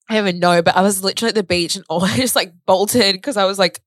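A woman's voice: mid-range voice, fairly even intonation, quick pace, few pauses, no room sound. A young woman on a casual podcast, telling a personal story in a rambling way, full of fillers and acted-out bits of dialogue. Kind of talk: casual chat.

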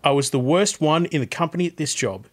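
A man's voice: fairly high pitch, lively intonation, quick pace, lightly acted. A man reading a listener's story in a put-on Australian accent, voicing a blunt ex-mechanic turned salesman. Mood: earnest.

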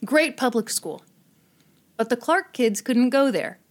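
This is a woman with a fairly high voice, telling a history story in a loose, chatty way. She drops casual swears and laughs along as she goes, keeping things informal and playful. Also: lively intonation, unhurried. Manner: irreverent, swears, laughs often.

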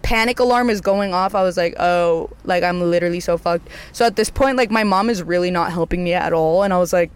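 A young adult vlogger telling a personal story in a casual, rambling way, swearing often and leaning on "like", with sudden jumps up in pitch when acting out their own panic. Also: a little fast, few pauses, clean tone. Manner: rambling, heavy swearing, filler "like".

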